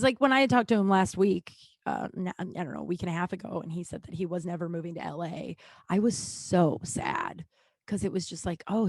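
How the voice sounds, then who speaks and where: A woman hosting her own podcast, talking in a rambling, unscripted way, swearing often, restarting sentences and swinging between loud and quiet. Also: lowish voice, creaky, no echo. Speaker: podcast host. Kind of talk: casual monologue.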